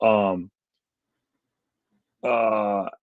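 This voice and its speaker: A man's voice: fairly low pitch, steady tone, drawn-out words, no echo, narrow, tinny audio. A man co-hosting a podcast, giving rambling, heated opinions with lots of fillers. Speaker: podcast co-host. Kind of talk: casual chat.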